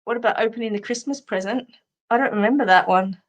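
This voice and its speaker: Quick-paced and on the high side, the voice belongs to a middle-aged Australian woman hosting a live stream. She chats easily, wandering through funny anecdotes and laughing frequently.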